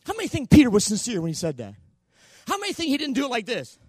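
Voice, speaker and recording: A man preaching a sermon in a church, impassioned and shouting at the peaks. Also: high-pitched, wildly swooping pitch, fast talker, slightly rough, no room sound. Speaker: pastor.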